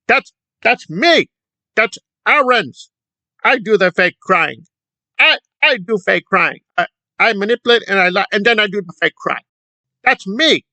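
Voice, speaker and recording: Man doing a shrill, panicky, petty squealer, very high and loud. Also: no room sound, full character voice. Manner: squealing, frantic, indignant.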